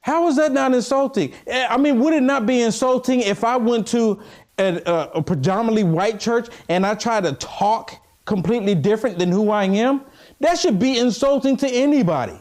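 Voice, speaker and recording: A man co-hosting a political talk show in casual discussion, animated and preachy as he calls out to listeners. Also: very high-pitched, normal speed.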